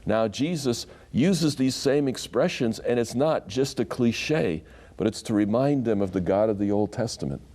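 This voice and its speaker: A man, a Bible scholar and guest, teaching scripture in conversation and acting out the quotes in a lively way. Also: medium pitch, normal speed. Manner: animated storyteller who acts out quotes.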